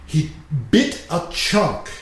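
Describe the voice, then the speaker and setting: Plainspoken man telling a story, roomy sound. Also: slow. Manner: plainspoken, swears casually. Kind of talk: casual storytelling. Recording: roomy echo with faint hiss.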